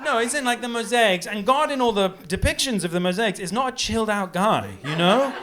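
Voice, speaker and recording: A man doing a rambling stand-up comedy set, animated and giggling at his own jokes. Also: high voice, a little fast, noisy background. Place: pub comedy room with live audience. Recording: live audience laughter and applause.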